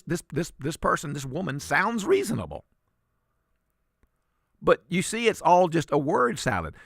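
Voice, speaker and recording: A man's voice: on the high side, gravelly, fairly bright tone, no room sound, clean studio sound. A man filling in as a talk radio host, giving emphatic, sarcastic commentary and often repeating words.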